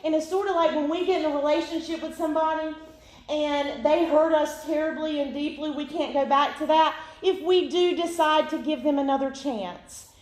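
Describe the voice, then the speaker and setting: A woman in her thirties gives an emotional, earnest sermon testimony. Her voice sits high. The sound carries the echo of a large room. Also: darkish tone. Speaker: preacher. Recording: echoey room.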